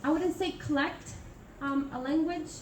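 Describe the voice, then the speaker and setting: A woman's voice: sits high, a little slow. A young woman from Italy giving a classroom presentation, hesitant and full of fillers and restarts. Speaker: international student presenter. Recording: echoey room from far off, noisy.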